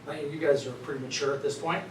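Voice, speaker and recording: A middle-aged man giving an animated storytelling talk to students in a lecture room, with frequent "right?" asides. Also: fairly high pitch, quick pace. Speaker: guest speaker. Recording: roomy, distant mic, faint noise.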